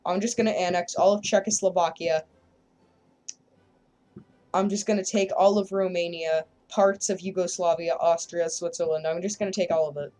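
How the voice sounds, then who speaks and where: A woman's voice: fairly low pitch, mellow. Rambling woman narrating gameplay. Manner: rambling, joking, self-deprecating. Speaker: gameplay video creator. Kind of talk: casual gameplay commentary.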